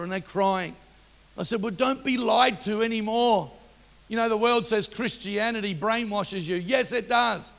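A gravelly, fairly high-voiced middle-aged man preaches a sermon, telling stories with passion and working up to loud calls. His voice rings out with the long reverb of a large church hall. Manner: impassioned storytelling, rising to loud exhortation.

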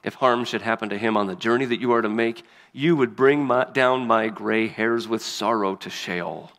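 A man's voice: on the low side, normal speed, vocal fry, fairly bright tone. Man reading scripture in a reverberant hall. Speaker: pastor.

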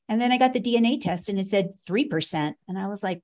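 A middle-aged American woman shares a personal story as a podcast guest. Her voice sits at an ordinary pitch. She tells it with a dry, sarcastic wit. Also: expressive, fast talker, a little mellow. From United States. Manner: sarcastic, wry.

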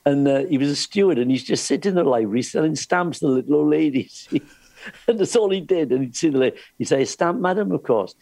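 Husky older storyteller. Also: male voice, fairly high pitch, fast, no room sound. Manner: lively storyteller, laughs often, restarts. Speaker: cruise ship entertainer telling stories. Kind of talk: anecdotal chat.

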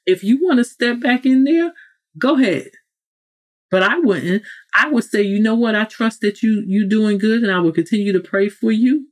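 A woman's voice: on the high side, normal speed. A woman hosting a motivational podcast monologue. She talks straight to the listener in a preachy way and often breaks off to correct herself. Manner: frequent self-corrections and asides. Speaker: podcast host.

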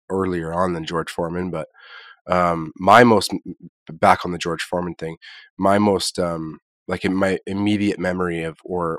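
Deep-voiced, congested, laid-back man. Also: dry recording, studio quality. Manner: laid-back, rambling, drifts between thoughts. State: congested from illness. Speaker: podcast co-host. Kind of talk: casual chat.

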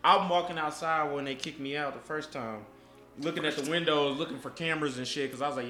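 A man's voice: medium pitch, a little fast. A young man hosting a casual podcast, telling stories animatedly and swearing a lot. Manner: animated storytelling, heavy profanity. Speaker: podcast host. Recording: echoey room with faint background noise.

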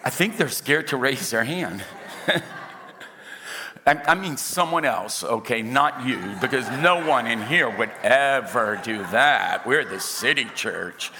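A middle-aged male pastor preaching to his congregation with a bright, forceful voice. He acts out the dialogue in his stories and jokes with the crowd. His voice rings out through the long reverb of a large church hall. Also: medium pitch, lively intonation, slow pace. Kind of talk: sermon. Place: church auditorium.

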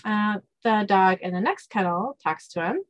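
Lively laughing woman recapping a show. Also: mid-range voice, moderate pace, muffled recording. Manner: laughs often, quotes characters in playful voices. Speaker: podcast host. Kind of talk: casual recap with voiced quotes.

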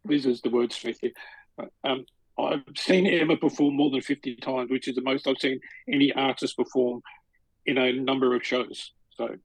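A man's voice: mid-range voice, fairly even intonation, normal speed, dry recording, low-quality recording. A middle-aged man, co-hosting a podcast and telling stories in a casual, rambling way full of restarts. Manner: chatty, storytelling with lots of restarts. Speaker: podcast co-host. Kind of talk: casual chat.

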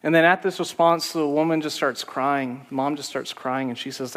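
A man's voice: medium pitch, fairly quick, fairly bright tone, in a large hall. A man preaching a sermon as pastor, telling stories in a conversational way.

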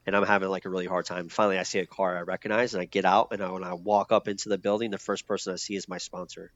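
Man, low voice, casual profane storyteller with fillers; lo-fi, muffled audio. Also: little pitch movement, very fast, fairly bright tone, slight background noise. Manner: loose and profane, many fillers and restarts. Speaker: guest telling his recovery story. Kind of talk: candid conversational storytelling. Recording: dull lo-fi sound.

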